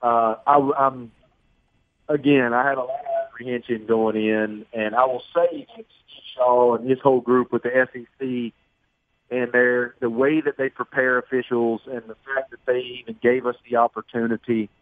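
Brief: chatty man on a tinny phone line, steady mid pitch, storytelling guest. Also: normal speed, dry recording. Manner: storytelling, self-deprecating, chatty. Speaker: sportscaster guest. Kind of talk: phone-in radio interview.

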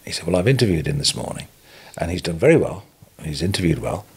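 Husky older man telling lively stories. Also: low-pitched, fast talker. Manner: animated anecdotal storytelling, chuckling. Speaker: podcast guest, retail businessman. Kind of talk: storytelling interview.

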